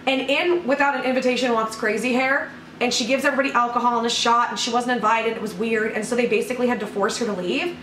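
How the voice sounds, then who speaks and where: A woman's voice: on the high side, fairly even intonation, fast talker, fairly bright tone, echoey room, far from the mic, slight background noise, poor audio. A woman hosting, giving gossipy casual commentary before playing a clip. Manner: chatty and gossipy. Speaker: host introducing clips.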